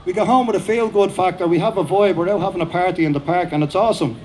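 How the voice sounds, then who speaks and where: Fast-talking Irish man rallying a crowd. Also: sits high, a little mellow. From Ireland. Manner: fast-talking, repetitive, rousing. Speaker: speaker at a rally. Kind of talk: impassioned outdoor rally speech. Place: outdoor park rally.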